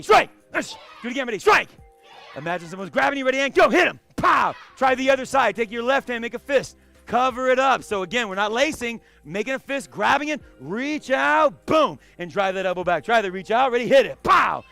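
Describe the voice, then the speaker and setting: A man teaching a live karate class, calling out short commands and shouting kiais. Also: very high voice, animated, a little fast, vocal fry, few pauses, soft background music. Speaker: karate instructor. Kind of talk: live martial arts class instruction. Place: karate studio.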